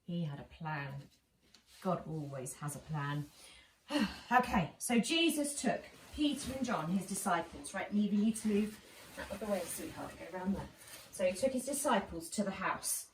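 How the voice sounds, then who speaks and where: A woman leading a children's church session, telling a Bible story with lively voices and asking the children questions. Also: fairly low pitch, normal speed. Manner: animated, asks children questions, acts out lines. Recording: roomy and distant with faint noise.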